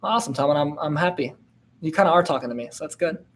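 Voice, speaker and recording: A man's voice: on the high side, expressive, quick pace, a bit bright, a little hiss or hum. A man in his twenties hosting a casual live-stream Q&A, laid-back and slangy, with lots of fillers and laughs. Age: 20s. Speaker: host answering viewer questions.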